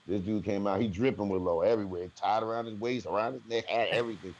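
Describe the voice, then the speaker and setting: A man's voice: lowish voice, fast talker, dull audio. A man with a New Jersey accent, a rapper guest telling slangy stories in a casual interview. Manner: animated storyteller, slangy, acts out quotes.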